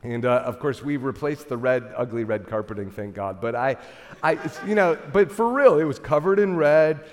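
A middle-aged man preaching a sermon, telling a story with an animated, self-deprecating manner and many restarts. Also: medium pitch, moderate pace. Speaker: pastor. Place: large church hall. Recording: reverberant church hall.

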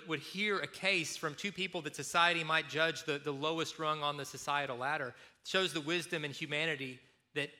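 A man preaching a sermon, retelling a story in a lively way and acting out the speakers. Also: fairly high pitch. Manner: storytelling, animated, acts out quotes. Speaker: pastor.

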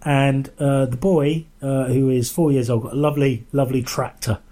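A man's voice: medium pitch, fairly even intonation, normal speed, dark tone. A man co-hosting a podcast, chatting casually with a dry, teasing, sweary manner. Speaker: podcast co-host. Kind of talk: casual chat.

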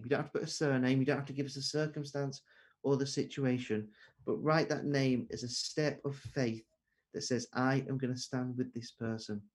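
A man's voice: mid-range voice, darkish tone. A man preaching an earnest sermon over a video call, asking rhetorical questions.

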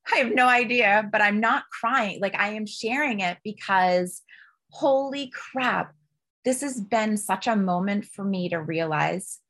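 A woman speaks as a podcast guest, telling personal stories in a frank, heartfelt way. Her voice sits at a middle pitch, and she talks openly and with plenty of expression. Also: unhurried. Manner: open, emotional, expressive. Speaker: podcast guest, business coach. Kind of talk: candid personal storytelling.

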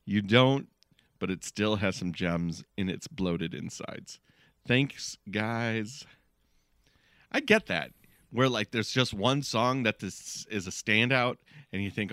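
A man's voice: on the low side, takes it slowly, a bit bright, no room sound, clean studio sound. A man co-hosting a podcast in casual chat, often laughing between words. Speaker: podcast co-host.

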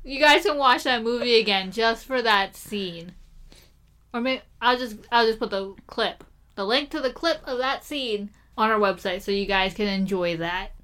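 A woman's voice: a little high, moderate pace, fairly bright tone. A young woman co-hosting a podcast in casual chat, rambling with lots of fillers and laughing often. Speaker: podcast co-host.

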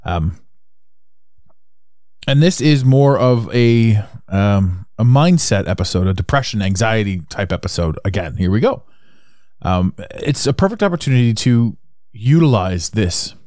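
A man's voice: on the low side, lively intonation, measured pace, a little mellow, no echo, studio quality. A man with a Canadian accent hosting a solo podcast, talking in a rambling, repetitive way that circles back on his points. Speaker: podcast host.

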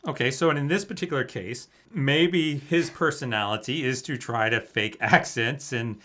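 A man co-hosting a podcast in easygoing chat, agreeing readily and thinking out loud. His voice is mid-pitched with a bright, forward tone. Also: normal speed. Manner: agreeable, thinks aloud with fillers like "sure" and "right". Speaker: podcast co-host.

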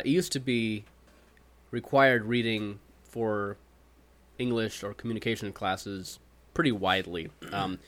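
A man in casual podcast conversation, his voice at an ordinary middle pitch. He talks thoughtfully and circles back to correct himself, then reads a quote in a steady voice. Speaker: podcast co-host. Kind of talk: casual chat.

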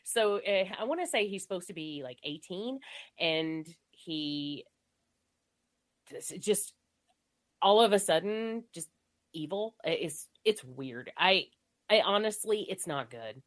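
On a casual movie podcast, a co-host who is getting over an illness rambles slowly in a lowish, animated voice. Fillers crop up constantly, and she laughs a lot.

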